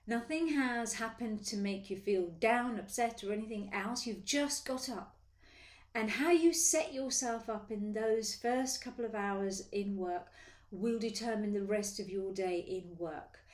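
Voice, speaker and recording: A woman talking casually to camera as a sales coach, lively and acting out the voices in her head. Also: medium pitch, measured pace, reverberant. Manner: lively, acts out inner voices. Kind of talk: casual motivational talk to camera. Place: her office.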